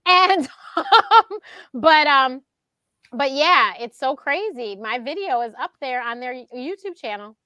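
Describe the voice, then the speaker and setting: A high-pitched woman with a bright, forceful voice, chatting in a casual, storytelling way. She is lively and laughs often, and she jumps into a higher voice when she acts out what other people said. The sound is dry and close. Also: takes it slowly, no room sound, muffled recording. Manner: animated, acts out quotes in a higher voice; laughs often mid-sentence. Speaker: show host being interviewed.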